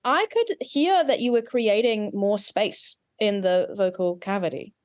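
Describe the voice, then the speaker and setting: A woman dialect coach explains tongue, jaw and vowel placement in a patient, technical way. Her voice sits at an ordinary middle pitch. The recording is dry and close, with no room sound. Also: measured pace, dry recording. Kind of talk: accent coaching session.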